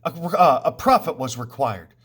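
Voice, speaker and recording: A man's voice: medium pitch, lively intonation, normal speed, a bit bright, slightly rough. A man reading the part of a proud, angry king aloud in a scornful, accusing way.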